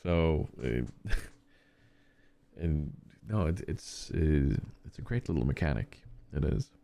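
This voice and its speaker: A man's voice: extremely low pitch, lively intonation, slow pace, vocal fry, dark tone. A man chatting casually as a podcast co-host, telling rambling anecdotes full of fillers and restarts. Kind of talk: casual chat.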